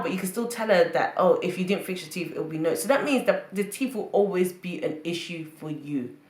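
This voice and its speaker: This woman, a reality TV reviewer, offers casual, opinionated takes on a reality show and often repeats phrases for emphasis. Her voice is lowish, and the sound is roomy.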